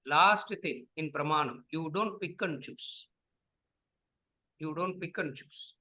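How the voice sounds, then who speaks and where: Man, Vedanta teacher, lecture with questions and answers, high voice, repetitive rhetorical questions. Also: slow pace, pushed and bright, rough recording.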